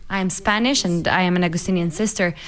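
A woman's voice: lowish voice, fairly even intonation, fast. Woman reading a translation voice-over. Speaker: voice-over interpreter.

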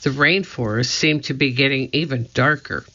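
A narrator reading a children's chapter book aloud in a steady, clear storytelling manner. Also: mid-range voice, moderate pace, dull audio. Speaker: audiobook narrator.

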